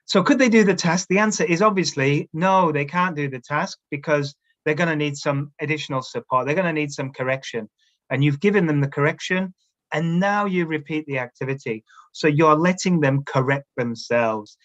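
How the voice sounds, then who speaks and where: A man with a fairly high, fairly bright voice runs a teacher-training webinar at a moderate pace, recorded through a video call camera setup that leaves the sound muffled. He presents the workshop in a coaching tone, giving instructions and repeatedly checking in with his listeners by asking "all right?"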